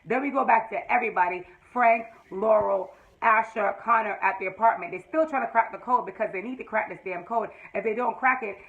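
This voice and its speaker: A woman's voice: medium pitch, fairly quick, narrow, tinny audio. A woman giving a casual, emphatic, slangy recap of a TV episode and talking straight to her viewers. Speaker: TV episode reviewer.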